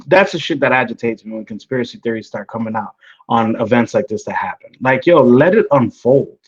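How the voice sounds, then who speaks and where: Blunt, swearing podcast co-host. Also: male voice, mid-range voice, animated, fairly quick, slightly rough, highs cut off. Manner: blunt, swears, says bro a lot. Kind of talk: casual chat.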